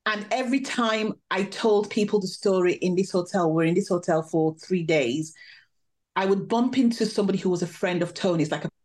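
Woman, podcast guest, vivid storytelling, medium pitch. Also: a little fast. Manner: animated, vivid storytelling with laughs. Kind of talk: storytelling interview.

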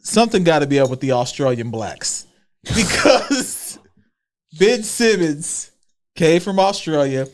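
A high-pitched Houston man co-hosts a podcast, joking loudly and cutting in. His delivery is animated and opinionated. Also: a little slow. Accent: Houston, Texas. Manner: joking, animated, talks over others. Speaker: podcast co-host. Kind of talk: casual chat. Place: podcast studio.

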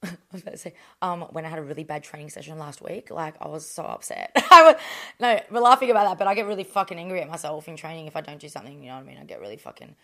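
A woman's voice: sits low, very animated, racing, pushed and bright. An Australian woman, a professional boxer, talking bluntly and rambling, with constant swearing, in an interview. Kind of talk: candid interview chat.

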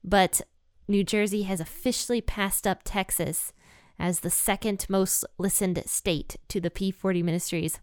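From home, a woman hosts a Bible podcast, chatting casually and cheerfully with listeners, laughing easily, and reading scripture aloud. Her mid-range voice is smooth and fairly even at a measured pace, in studio-quality audio with no room sound.

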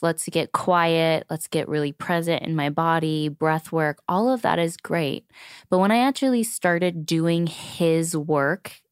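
Woman, lowish voice, smooth and clear, dry close mic; earnest podcast host, open and animated. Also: no room sound. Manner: earnest, open, animated when retelling talks. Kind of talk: candid conversational interview.

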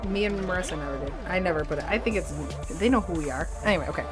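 A woman co-hosting a podcast in a casual chat, telling a story with lively emphasis and laughter. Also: fairly low pitch, very fast, over music. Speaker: podcast co-host.

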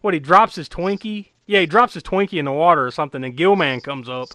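A man's voice: on the high side, quick pace, pushed and bright, no room sound. A man casually recapping a movie plot, rambling with lots of fillers and frequent laughter. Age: adult who was eight or nine when the film was new.

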